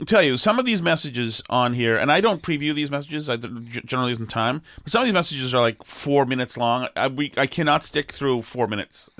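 A man's voice: medium pitch, lively intonation, brisk, few pauses, fairly bright tone, dry recording, clean studio sound. A man hosting a podcast, talking casually and sarcastically, pushing his points with rising, emphatic questions. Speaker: podcast host. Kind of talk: casual political chat.

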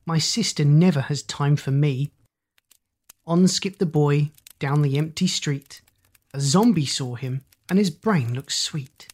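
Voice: mid-range voice, a little slow, a little mellow. A reader reciting rhyming children's poems in a rhythmic storytelling manner with whispered asides.

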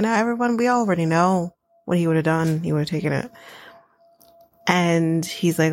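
A woman's voice: lowish voice, moderate pace, no room sound. A woman hosting a chatty solo podcast, blunt and sarcastic, cursing freely as she recaps. Her talk is loose and full of laughing asides to her listeners. The sound is dry and close. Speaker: podcast host recapping a reality show. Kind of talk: casual solo recap chat.

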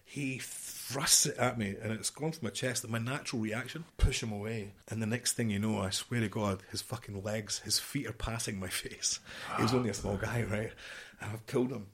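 A man's voice: lowish voice, fairly even intonation, normal speed, fairly bright tone, breathy edge. A middle-aged man from the United Kingdom, a former marine guest telling stories bluntly, with frequent swearing. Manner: blunt, swears often, vivid anecdotal storytelling. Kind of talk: casual storytelling interview.

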